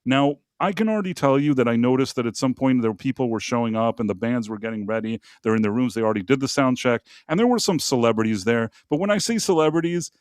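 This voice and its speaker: Male host, mid pitch, loose rambling storyteller, dry booth sound. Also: expressive, fast talker, few pauses, dry recording. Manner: rambling, many fillers and asides. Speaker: podcast host. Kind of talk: casual storytelling on a live show.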